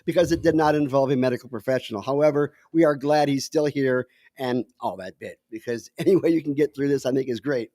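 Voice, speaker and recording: A man co-hosting a casual chat show as the resident scientist, explaining things wryly with halting fillers. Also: medium pitch, warm tone, dry recording. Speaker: scientist co-host.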